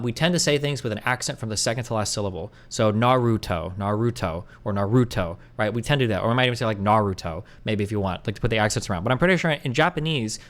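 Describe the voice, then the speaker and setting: A man streaming live, chatting loosely with his audience and answering chat; he rambles, doubts himself out loud and swears casually. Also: medium pitch.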